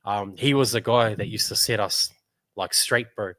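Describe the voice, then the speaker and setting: A man's voice: lowish voice, normal speed, a bit bright, dry recording. Laid-back New Zealand man. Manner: laid-back, says "bro" often, laughs a lot. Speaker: guest musician. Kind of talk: casual chat.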